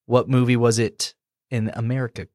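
A man's voice: mid-range voice, little pitch movement, moderate pace, a little mellow, dry recording. A man co-hosting a casual podcast, quizzing his friend and teasing him with dry jokes. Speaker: podcast co-host running the quiz.

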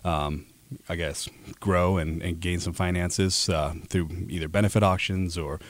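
A man's voice: sits low, steady tone, unhurried. A man in his thirties from Alaska, a radio guest talking earnestly about his work with many fillers and restarts. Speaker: guest, ad sales rep. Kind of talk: casual interview talk.

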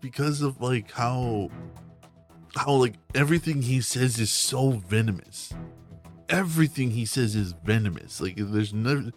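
A man co-hosting a casual podcast, telling stories with lots of swearing. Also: on the low side. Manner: profane, laughing storyteller. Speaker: co-host and voice actor.

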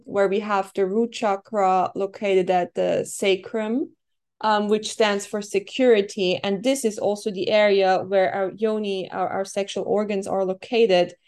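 A woman coach, a guest in a podcast conversation, explains her ideas thoughtfully and pauses to reflect with soft fillers. Her voice sits in a middle register. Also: medium pitch. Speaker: guest, feminine embodiment coach.

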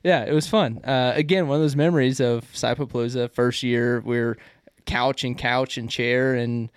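Brief: Midwest podcast co-host, man, smooth clear voice, dry close sound, rambling and laughing. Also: medium pitch, steady tone, moderate pace, no echo. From American Midwest. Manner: rambling, laughs often, many fillers. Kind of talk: casual chat.

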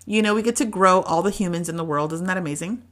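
A woman's voice: on the low side, fast talker. Chatty encouraging woman in her forties. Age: 40s. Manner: chatty, encouraging, many fillers and restarts. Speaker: podcast host. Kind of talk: motivational solo podcast talk.

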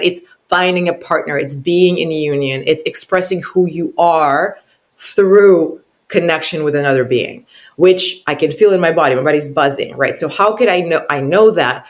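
A woman speaking as an intuitive coach in an interview, earnest and emphatic, often pausing to ask "right?" and repeating words as she searches for them. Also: sits low. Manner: keeps adding "right?" tag questions.

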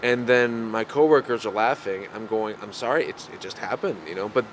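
Male podcast host, low voice, easygoing and rambling, noisy recording. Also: fairly quick. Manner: rambling, laughs often, many fillers. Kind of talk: casual conversation.

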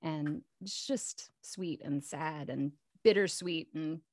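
Give me a woman with a low-pitched voice, chatting as a guest in an interview. She is animated and full of fillers and restarts, and the recording is dry and close. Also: slow pace, no room sound. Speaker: voice actress guest. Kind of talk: casual interview chat.

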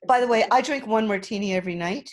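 A middle-aged woman, a restaurant owner guesting on a podcast, talking earnestly and emotionally in quick bursts. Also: fairly high pitch. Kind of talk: podcast interview.

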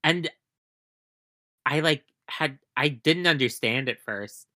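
A woman chatting casually as a podcast guest, telling rambling, animated stories and swearing often. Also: sits low, takes it slowly. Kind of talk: casual chat.

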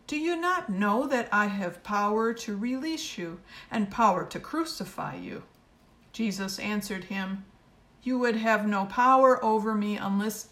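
A woman giving a measured, solemn liturgical reading of scripture at a service. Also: medium pitch. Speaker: scripture reader.

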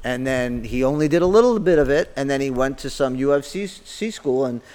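A man in his fifties, a martial arts instructor guest on a podcast, telling stories in a blunt, profane, animated way. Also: medium pitch, fairly quick, long reverb tail. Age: 50s. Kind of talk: casual podcast interview storytelling.

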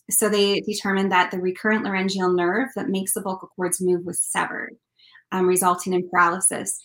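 A Canadian country singer, appearing as an interview guest, tells a personal story earnestly and from the heart. Her mid-range voice is a bit bright, and the recording is reverberant and low in quality.

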